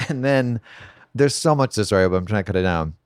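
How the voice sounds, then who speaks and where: Low, smooth-voiced man, dry sound. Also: lively intonation, fairly quick, darkish tone, dry recording. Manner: easygoing, self-deprecating, many short agreements. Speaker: podcast guest, comedian. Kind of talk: casual chat. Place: home podcast studio.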